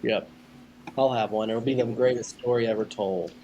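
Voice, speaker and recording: A man's voice: medium pitch, fairly even intonation, normal speed, mellow, slight background noise. A man co-hosting a podcast, chiming in with short, laid-back remarks. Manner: laid-back, brief interjections. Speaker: podcast co-host. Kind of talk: casual chat.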